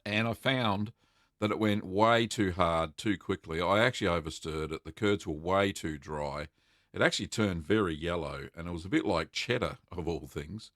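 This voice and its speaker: A man's voice: deep voice, normal speed, a bit bright, dry recording, clean studio sound. A middle-aged Australian man hosting a casual live stream, chatting and answering viewer questions with lots of fillers. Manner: chatty and rambling, reading out names with many fillers.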